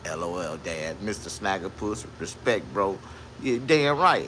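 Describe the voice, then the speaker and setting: A man holds forth as a comedian, spinning crude, boastful tales laced with profanity. His voice swings widely and keeps leaping high. The tone is bright and cutting, with a faint hum behind him. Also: moderate pace. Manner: animated, with sudden jumps to a high voice.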